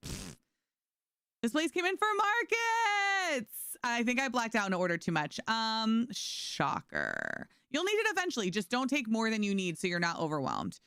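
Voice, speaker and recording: A woman's voice: lowish voice, a bit bright, clean tone, no room sound, clean studio sound. A woman from New York streaming a game, reading chat aloud and answering it in a chatty, sarcastic way. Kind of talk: casual chat with stream chat while gaming.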